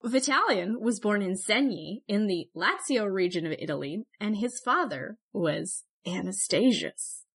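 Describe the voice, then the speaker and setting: A woman co-hosting a podcast in casual, joking chat who laughs often and turns brisk when going through history notes. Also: medium pitch, lively intonation, husky. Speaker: podcast co-host.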